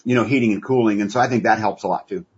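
A man's voice: lowish voice, rapid-fire, breathy edge. A man talking as a guest in an interview, earnest and folksy with many fillers. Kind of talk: conversational interview. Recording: dull lo-fi audio.

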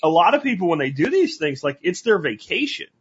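Husky-voiced blunt male podcast host. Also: on the high side, fairly quick, dull audio. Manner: blunt, animated and profane. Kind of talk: casual interview chat.

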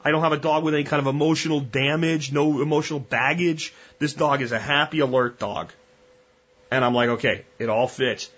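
A man's voice: on the high side, steady tone, brisk, a bit bright, husky, muffled recording. A man hosting a podcast, talking bluntly and conversationally with frequent restarts. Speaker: podcast host. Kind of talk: casual monologue.

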